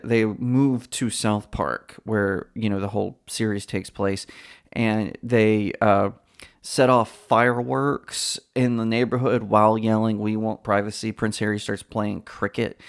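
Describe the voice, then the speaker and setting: Male commentary host, low and gravelly, chatty and opinionated. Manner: opinionated, chatty, frequent fillers. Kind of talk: casual pop culture commentary.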